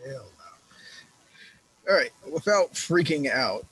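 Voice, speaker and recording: A man playing his character in a tabletop game, speaking casually with halting restarts. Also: a little high, animated, fairly bright tone, breathy edge, dry recording, low-quality recording. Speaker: player.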